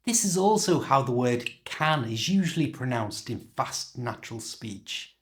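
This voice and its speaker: A man with a British accent teaching English pronunciation in a slow, clear, demonstrating way. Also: mid-range voice, lively intonation. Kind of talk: scripted pronunciation lesson.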